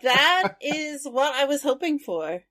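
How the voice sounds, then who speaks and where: A woman's voice: sits high, very animated, slow, pushed and bright. A woman co-hosting a podcast, chatting earnestly and then reading out the show's contact details as the sign-off. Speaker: podcast co-host. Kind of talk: casual podcast chat.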